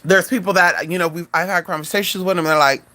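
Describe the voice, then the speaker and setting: A fast-talking spiritual advisor hosts a casual livestream chat, animated and profane, peppering it with "honey," "y'all," and sudden high exclamations. No echo is present.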